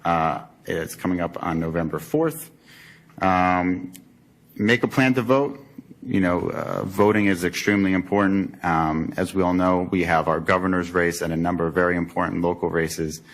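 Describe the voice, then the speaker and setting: A man's voice: sits low, fairly even intonation, normal speed. A man, a council member, giving earnest remarks at a borough council meeting, with frequent fillers and restarts. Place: council chamber.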